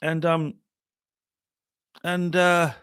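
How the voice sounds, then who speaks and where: Jet lagged guy hosting a stream, kinda high voice, dry mic, rambling animated stories. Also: drawn-out words, clear, resonant tone, dry recording. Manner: animated storyteller, trails off and restarts. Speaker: livestream host. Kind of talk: casual storytelling chat.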